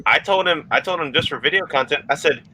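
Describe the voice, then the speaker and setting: Earnest man explaining, bright tone. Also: a little high, quick pace, husky, poor audio. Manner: earnest, repeats himself while explaining. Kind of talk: casual chat.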